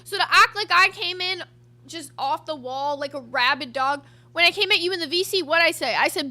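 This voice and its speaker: A woman's voice: very high voice, fairly quick, bright, forceful tone. A woman co-hosting a casual reaction show, talking bluntly and emphatically with plenty of swearing. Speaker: co-host.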